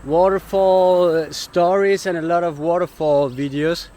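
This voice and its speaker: A man's voice: on the high side, steady tone, measured pace, warm tone. A man with German as his first language, chatting casually as a travel vlogger outdoors on a hiking trail, out of breath from the climb and laughing often.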